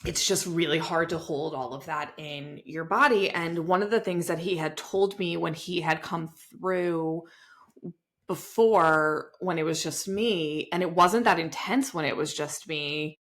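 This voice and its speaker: A woman in her thirties talks casually on a podcast, her speech animated and full of fillers, with the odd swear word. Her voice sits somewhat low for a woman. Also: measured pace. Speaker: podcast co-host. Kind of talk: casual conversation.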